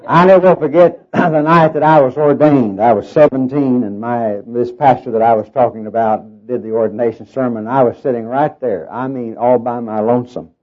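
A man's voice: mid-range voice, moderate pace, few pauses. A middle-aged man with a Southern US accent and a nasal tone, preaching a sermon in a folksy storytelling way full of fillers and self-deprecating humor. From Oklahoma, raised in Arkansas. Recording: dull lo-fi sermon tape.

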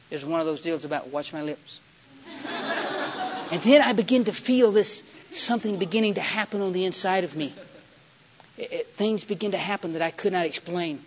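Animated preacher man on lo-fi tape. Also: high-pitched, brisk, a little hiss or hum. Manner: dramatic, swings from loud excited storytelling to hushed scripture reading. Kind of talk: sermon. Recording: dull lo-fi recording.

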